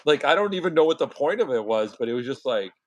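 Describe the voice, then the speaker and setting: A man's voice: medium pitch, fast, no room sound. A man hosting his own livestream, telling stories in casual, profane chat and acting out the people he quotes. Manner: profane, animated storytelling with acted-out quotes.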